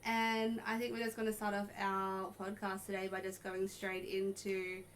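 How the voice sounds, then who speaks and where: A woman co-hosting a podcast, prompting with questions and quick laughing reactions. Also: medium pitch, monotone, slight background noise. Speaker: podcast co-host. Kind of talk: casual chat.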